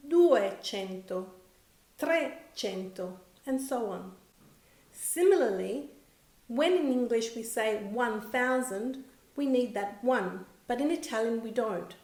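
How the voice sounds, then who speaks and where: A woman with a fairly high voice gives a scripted grammar lesson at an unhurried pace. She says each example word slowly and deliberately, taking care with every syllable. The voice carries a noticeable roomy echo. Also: a little mellow. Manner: slow, clear, careful enunciation of example words. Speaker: language teacher.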